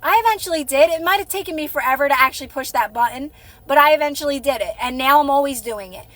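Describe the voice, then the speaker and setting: A woman's voice: sits high, animated, fast talker, a bit bright, no echo. A woman hosting a live stream, chatting casually and encouragingly with her viewers, rambling and restarting her sentences.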